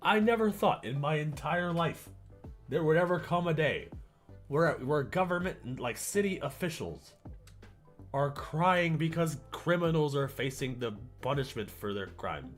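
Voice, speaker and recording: A man doing crude, scornful reaction commentary over news clips. His pitch swings widely as he sneers and swears. Faint music plays behind him. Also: lively intonation, unhurried.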